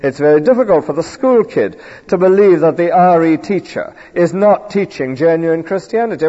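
A man's voice: a little high, big pitch swings, moderate pace, few pauses, mellow. A man preaching an earnest, emphatic expository sermon in a church. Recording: dull lo-fi recording with long hall reverb.

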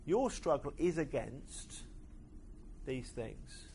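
A man preaching a sermon, pausing often with hesitant fillers. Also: medium pitch, big pitch swings, gravelly, mellow, slight background noise.

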